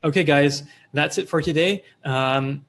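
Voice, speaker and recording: A man's voice: fairly high pitch, a little slow, creaky, fairly bright tone. A man with a Filipino accent hosting a casual live-stream Q&A, reading viewer comments aloud in a loose, chatty way with fillers and restarts. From Philippines. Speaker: host of a live online Q&A.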